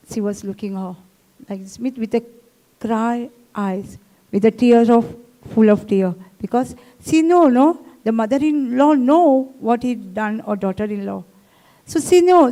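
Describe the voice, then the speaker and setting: Woman preacher, higher voice, mellow tone, tells a testimony in broken English with "no?" tags. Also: low-quality recording. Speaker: preacher at a retreat. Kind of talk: testimony sermon. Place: retreat hall.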